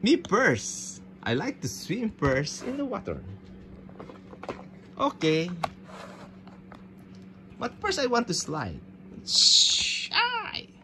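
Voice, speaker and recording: A woman narrating toy play, speaking very slowly in simple phrases. Her pitch rises and falls in big, lively swings, and she drops in playful sound effects. A faint room hum sits behind her.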